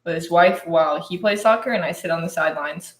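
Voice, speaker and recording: A woman's voice: fairly low pitch, fast. A young woman co-hosting a podcast, playful and quizzing her friend in casual banter. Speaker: podcast co-host. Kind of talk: casual chat. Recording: echoey room.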